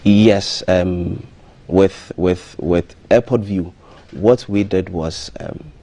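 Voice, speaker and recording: A man, a hotel marketing manager, interviewed as a guest on a live breakfast TV show, speaking in a measured way with frequent ums and restarts. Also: sits low, mellow. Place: TV studio.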